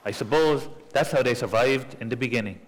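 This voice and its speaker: A middle-aged Irish man in a stage play, speaking in a measured, gently reasoning way as he reads a letter aloud to his friends. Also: mid-range voice, low-quality recording. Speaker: club member reading a letter aloud.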